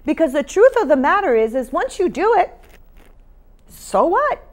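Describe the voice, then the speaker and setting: A woman's voice: extremely high pitch, big pitch swings, normal speed. A woman hosting a talk show in a studio, speaking emphatically and urging listeners with faith-based motivation, often repeating her key phrases.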